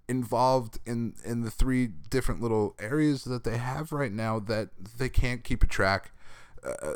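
A man casually reviewing comics on a podcast, his voice hoarse from being sick, talking candidly with swearing and laughs. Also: mid-range voice, measured pace, no echo, studio quality. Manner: candid, profane, animated rants with laughter. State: hoarse from recent illness. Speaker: comic book podcast host.

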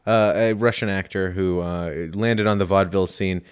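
A tired, feverish man co-hosting a podcast, making goofy deadpan jokes. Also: sits low, normal speed, clear, resonant tone. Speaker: podcast co-host. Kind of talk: casual chat.

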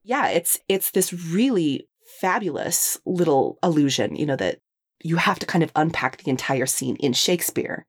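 Lady cohost gushing about old novels, kinda low voice but bouncy, laughs a lot. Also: expressive, moderate pace, breathy edge. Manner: enthusiastic, laughs often, fillers. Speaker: podcast co-host. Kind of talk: casual literary discussion.

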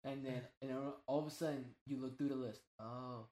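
A man co-hosting a casual gaming podcast, talking in an animated, slangy way and swearing freely. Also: medium pitch, fast talker, echoey room. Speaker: podcast co-host.

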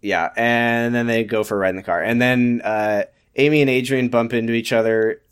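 A man's voice: medium pitch, steady tone, normal speed, smooth. A man co-hosting a casual comedy podcast, retelling scenes with dry sarcasm. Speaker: podcast co-host. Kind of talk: casual comedic recap chat.

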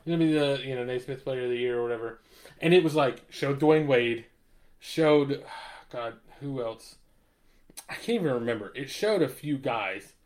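Casting: man, podcast host, relaxed profane sports talk, medium pitch. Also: moderate pace. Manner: laid-back, swears, laughs often. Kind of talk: casual sports chat.

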